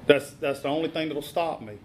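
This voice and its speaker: A man's voice: fairly high pitch, slight background noise. Blunt man telling his recovery story. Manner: blunt, plain-spoken, halting with many fillers. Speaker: recovery meeting speaker. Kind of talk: personal testimony at a meeting.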